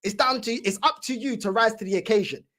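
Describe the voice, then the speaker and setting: A woman's voice: on the high side, a bit bright. A woman, teasing and mocking her opponent in a heated fan debate, full of slang. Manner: mocking, teasing, rapid-fire banter with slang.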